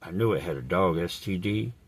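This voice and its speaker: A man telling a rambling, crude comedic story in a deadpan, profane way. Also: low voice, a little fast, breathy edge, no room sound. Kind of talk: absurd improvised comedic monologue.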